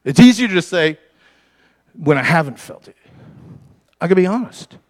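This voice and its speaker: A man preaching a sermon as pastor, impassioned and storytelling, moving between loud preaching and quiet confiding. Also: high-pitched, animated, moderate pace, dry recording, poor audio.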